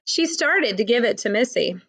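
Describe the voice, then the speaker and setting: A woman reading a children's picture book aloud in a slow, expressive storytelling manner. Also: on the high side, creaky. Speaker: storybook reader.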